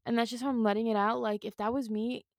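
A woman co-hosting a casual sports talk show, expressive and rambling, with many fillers. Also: on the high side, fast talker, dry recording, clean studio sound. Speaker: co-host.

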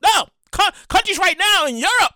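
Casual news-commentary host with a bright, sharp timbre and a very lively delivery. Profane and given to repeats and restarts. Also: very high-pitched, normal speed, no echo, clean studio sound. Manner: animated, profane, acts out other people's reactions; repeats words and restarts often. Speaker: show host.

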